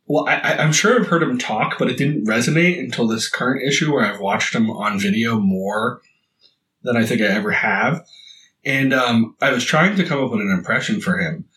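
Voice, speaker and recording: A man's voice: medium pitch, normal speed, a bit bright. Joking man, distant roomy mic. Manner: blunt, swears, joking. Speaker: podcast co-host. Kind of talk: casual chat.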